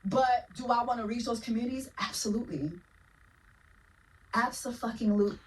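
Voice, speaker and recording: A woman telling a casual story in an animated way, swearing for emphasis. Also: fairly high pitch, moderate pace, recorded from a distance, a little hiss or hum, low-quality recording.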